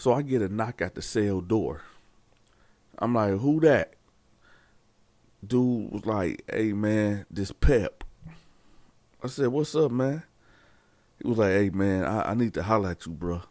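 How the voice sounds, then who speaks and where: A man's voice: lowish voice, measured pace, no echo. A man hosting his channel, telling a prison story in casual talk, acting out the dialogue and speaking straight to his viewers. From Columbus, Ohio area. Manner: animated storytelling, acts out dialogue, addresses viewers as y'all.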